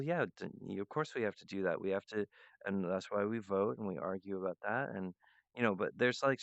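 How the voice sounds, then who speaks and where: A fairly low, gravelly male voice with a clean, fairly bright tone belongs to a show host rambling through his own solo monologue. He drifts loosely from idea to idea, free-associating as he goes. The dull, lo-fi recording is dry, with no echo.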